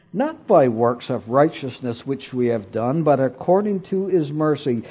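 Slow husky-voiced preacher. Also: male voice, medium pitch, dark tone, dull audio. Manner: deliberate, emphatic, asks the listeners rhetorical questions. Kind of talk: sermon with scripture reading.

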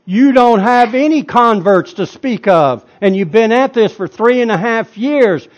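A preacher voicing a cruel, taunting tempter voice that mocks and jeers. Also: male voice, extremely high pitch, expressive, unhurried, dull audio, pitched above the performer's own voice. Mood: mocking. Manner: jeering, loud and raised.

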